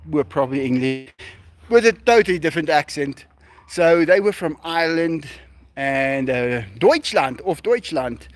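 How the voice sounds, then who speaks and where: A man's voice: high voice, fairly bright tone. A man with a South African accent, Afrikaans his first language, chatting animatedly to livestream viewers beside an animal enclosure. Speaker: livestream host. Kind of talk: casual livestream chat.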